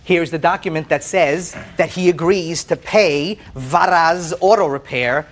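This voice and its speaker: A man testifying as plaintiff on a courtroom show, telling his story in an animated way, often stammering and repeating words. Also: fairly high pitch, a little slow, a little hiss or hum. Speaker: plaintiff in a TV small-claims case. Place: TV courtroom set.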